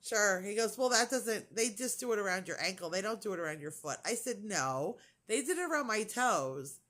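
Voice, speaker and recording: A woman's voice: medium pitch, lively intonation, fairly quick, a bit bright. A middle-aged woman vlogger telling a story in casual chat, indignant and chatty, quoting what others said.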